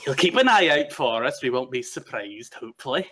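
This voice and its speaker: A man's voice: mid-range voice, very animated, fairly quick, bright, forceful tone. A man voicing an eager, talkative young male wanderer who jabbers constantly.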